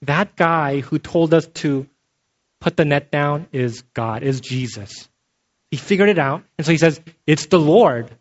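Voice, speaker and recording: A man gives a sermon in a relaxed, talky way, pausing now and then to ask his listeners "okay?" His voice sits a little high for a man. The recording is muffled and lo-fi. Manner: conversational, checks in with frequent "okay?". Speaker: pastor. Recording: dull lo-fi sound.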